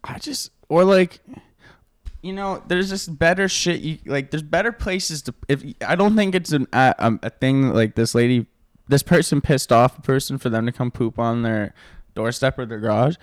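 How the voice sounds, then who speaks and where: A man's voice: medium pitch, moderate pace, no echo. A man in mid range co-hosts a comedy podcast from a dry, close-miked room. He talks in loose, rambling bursts, laughs often and trips over his own restarts as he riffs on the story. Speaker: podcast co-host. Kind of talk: casual comedic chat.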